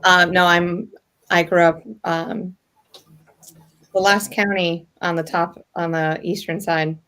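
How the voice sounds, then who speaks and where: Lowish-voiced woman, faint canadian accent, friendly casual chat. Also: little pitch movement, slow, fairly bright tone. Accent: slight Canadian. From northern New York near Canada. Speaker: livestream guest.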